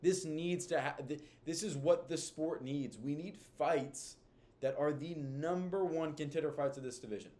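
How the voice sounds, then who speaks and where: A man's voice: a little high, normal speed, a little mellow. A man giving casual commentary on fight matchmaking, rambling with lots of fillers and restarts. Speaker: MMA commentator.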